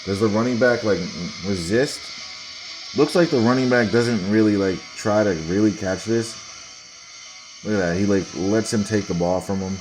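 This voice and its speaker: A man's voice: lowish voice, moderate pace, over music, low-quality recording. A man hosting his own sports video, talking casually over game footage in a dismissive, conspiratorial way, speaking straight to his viewers.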